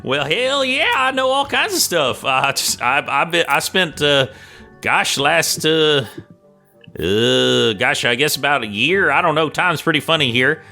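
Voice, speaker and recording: Brief: man doing a tiny folksy creature, squeaky high and bright, chatty, eager to share. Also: expressive, measured pace, vocal fry, soft background music, exaggerated voice. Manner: folksy, rambling, conspiratorial.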